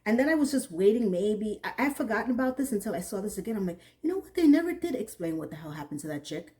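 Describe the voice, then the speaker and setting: A woman giving a casual, animated TV episode recap, often acting out what she thought in an incredulous tone. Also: medium pitch, fast talker. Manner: animated, incredulous, acts out characters' lines. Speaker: TV recap reviewer.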